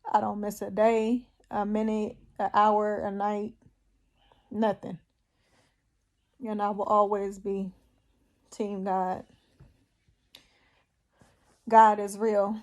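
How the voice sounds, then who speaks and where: Woman vlogger, tearful testimony, slow and halting, flat mellow voice. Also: mid-range voice. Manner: slow, emotional, halting, with pauses. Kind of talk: personal faith testimony.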